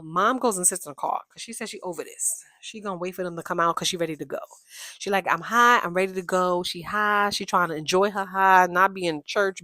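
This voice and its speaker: Chatty low-voiced woman recapping TV. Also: dry recording, studio quality. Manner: chatty, opinionated, animated asides. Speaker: reality TV recap host. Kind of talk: casual recap commentary.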